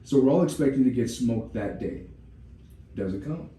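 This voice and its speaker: A man's voice: mid-range voice, animated, normal speed, dark tone. A man co-hosting a podcast, telling a rambling, profane story with many "you know" asides. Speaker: podcast co-host. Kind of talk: casual podcast chat, storytelling. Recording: roomy room, distant mic, faint hum.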